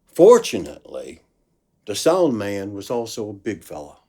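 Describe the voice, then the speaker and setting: A man's voice: fairly low pitch, normal speed. A man telling a story casually, acting out the voices of the people in it. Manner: animated storyteller, acts out quoted voices. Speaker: blues musician telling a story.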